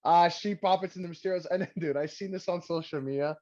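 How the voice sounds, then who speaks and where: A man's voice: a little high, fairly quick, darkish tone. A man co-hosting a casual podcast, rambling and sarcastic, cursing freely. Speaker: podcast co-host. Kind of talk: casual wrestling recap chat. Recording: dull lo-fi sound.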